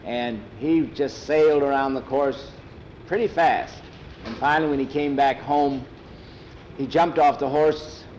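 Man, storyteller, plain homespun narration, unhurried, mid-pitched. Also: steady tone, darkish tone, lo-fi sound, a little hiss or hum. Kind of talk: oral storytelling.

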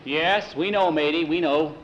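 A man's voice: fairly high pitch, measured pace, a bit bright, lo-fi sound, slight background noise. A man voicing a blunt, hearty sailor in a told story. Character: gruff male sailor, warning and blunt.

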